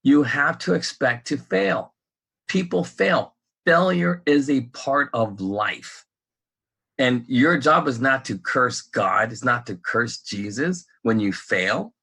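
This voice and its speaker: A man co-hosting a loose conversational podcast, rambling and animated, who breaks into laughter often. His voice is forceful and tense with a husky rasp. He sounds like someone thinking out loud. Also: mid-range voice, slow. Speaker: podcast co-host.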